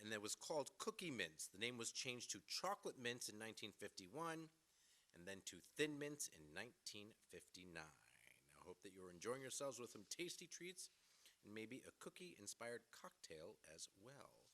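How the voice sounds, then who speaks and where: Low-voiced man hosting a virtual event. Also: sing-song, normal speed, pushed and bright. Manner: chatty, reads recipes aloud, eats while talking. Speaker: event host.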